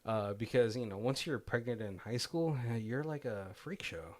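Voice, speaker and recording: A man's voice: medium pitch, moderate pace. A young man co-hosting a podcast, chatting casually and laughing often. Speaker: podcast co-host. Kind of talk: casual chat.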